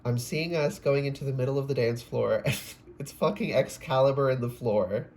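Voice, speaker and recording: A man's voice: mid-range voice, normal speed, a little mellow, slight background noise. A man giving a casual, rambling tarot reading, often breaking off mid-sentence, swearing and exclaiming. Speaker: tarot reader.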